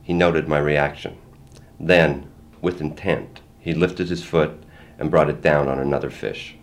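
An older man reads a first-person story in a plain, measured way. His voice sits extremely low and deep. He tells it steadily, line by line. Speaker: memoir reader.

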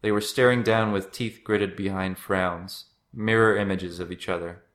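A man reading his own written personal story aloud in a steady storytelling manner. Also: low voice, moderate pace.

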